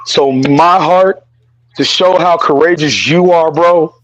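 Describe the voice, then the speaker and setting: A fairly high-voiced man talks in an earnest, repetitive way, cursing freely as he offers support. The sound is dry and close, with no room echo. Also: slow, muffled recording. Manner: earnest, repeats phrases, curses freely. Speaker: podcast co-host. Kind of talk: casual heartfelt podcast talk.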